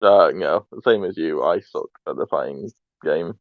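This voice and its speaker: A laid-back man chats casually on a gaming podcast. His voice is very deep and gravelly. It comes through a tinny, phone-like line. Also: measured pace, no echo. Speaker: podcast guest.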